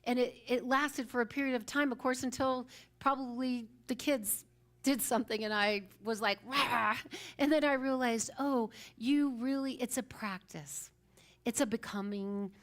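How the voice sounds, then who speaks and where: Woman minister, higher voice, conversational sermon, many restarts. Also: fairly even intonation, moderate pace. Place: church service.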